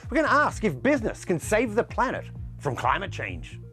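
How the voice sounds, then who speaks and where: A man hosting a business news show, presenting with a lively, emphatic delivery. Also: high voice, a little fast, faint music behind.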